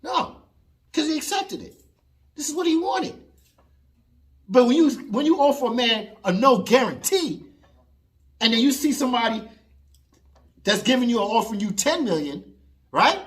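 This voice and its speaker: A man's voice: extremely high pitch, big pitch swings, normal speed, pauses often, a bit bright. A man giving opinionated boxing commentary, arguing emphatically with an imagined listener.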